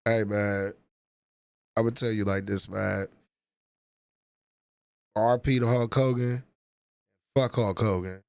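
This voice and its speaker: A man's voice: lowish voice, steady tone, slow pace, creaky, long pauses, a little mellow, clean tone, no echo. A man in his forties chatting casually on a livestream, profane and rambling as he reminisces. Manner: profane, rambling, nostalgic storytelling. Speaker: livestream host.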